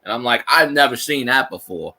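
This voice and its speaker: A man's voice: medium pitch, expressive, fairly quick, sharp tone, rough recording. A man with a Cajun accent hosting a casual livestream, telling rambling stories with lots of restarts and the odd swear. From Louisiana. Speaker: livestream host.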